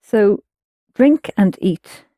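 A woman teaching a language class in a patient, explanatory way, setting out each rule and then prompting her students to try it. Her voice is mid-pitched and recorded close and dry. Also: animated, very slow, dark tone, no room sound. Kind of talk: guided language lesson.

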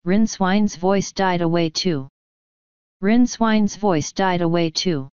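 Clear, low-voiced woman narrating an audiobook. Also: a little slow, a little mellow, dry recording, muffled recording. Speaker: audiobook reader.

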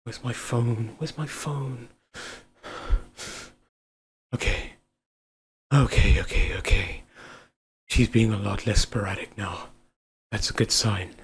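A man acting as a tender young husband in an audio role-play, speaking slowly and softly in a fairly low voice, often stumbling over his words as he reassures his wife. A faint hum sits under the recording. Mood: tender worried. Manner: soft, stammering reassurance. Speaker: voice actor.

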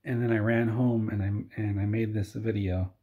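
A man delivering a sarcastic comedic movie rant in a deadpan, mock-earnest way, often stumbling over his words and restarting. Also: fairly low pitch, normal speed. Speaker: video creator. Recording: dull lo-fi recording.

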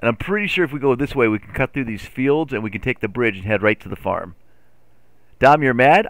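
A man streaming a farming game live, chatting playfully with his chat and getting excitable over his driving. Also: medium pitch, normal speed, no room sound. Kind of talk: live gameplay commentary.

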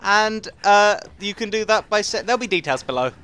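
A young man with an English accent giving casual, rambling commentary over a game, excitable and laughing often. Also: sits high, a little fast, a little hiss or hum. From England. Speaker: gaming commentator.

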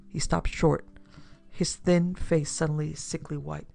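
A woman narrating a classic pulp detective story in a measured storytelling manner. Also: low-pitched, level tone, creaky, mellow, no room sound, faint music behind. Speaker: narrator and producer.

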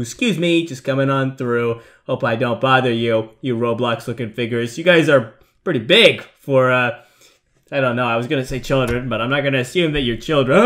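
A man's voice: mid-range voice, lively intonation, moderate pace, a bit bright, soft background music. A young man giving rambling, jokey commentary on a horror game, breaking into nervous outbursts. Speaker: gaming YouTuber.

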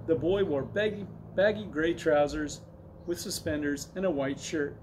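Guy reading a kids chapter book out loud, steady and clear, slightly higher voice. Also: normal speed, noisy background. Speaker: reader. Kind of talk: storybook read-aloud.

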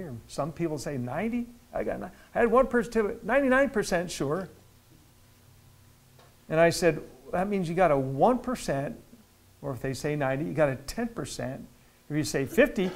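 A male pastor teaching a midweek Bible study in a church, talking conversationally with repeated words and loud emphatic stretches. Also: on the high side, vocal fry.

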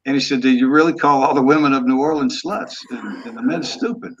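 An older man in his sixties talks in an easygoing, blunt way, dropping curse words as he tells his stories. His voice sits at an ordinary pitch for a man. The audio comes through dull and lo-fi. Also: brisk, breathy edge. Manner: laid-back, blunt, cusses freely. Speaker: guest, former football quarterback. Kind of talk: casual storytelling interview.

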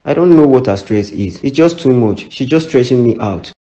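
Man voicing a smug rich guy in a cartoon, mellow and dull. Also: mid-range voice, animated, moderate pace, natural voice. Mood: condescending. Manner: condescending, insulting. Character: arrogant rich young man, Jordan.

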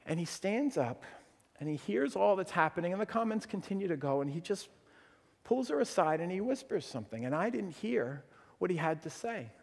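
A man preaching a sermon as pastor, telling a story in an animated way and acting out the quotes. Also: sits high, normal speed, gravelly. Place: church sanctuary. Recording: long church reverb.

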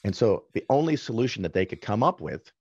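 A man guest on a podcast, casually telling anecdotes with quick asides and self-corrections. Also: lowish voice, big pitch swings, darkish tone, breathy edge, dry recording, muffled recording. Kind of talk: casual storytelling in conversation.

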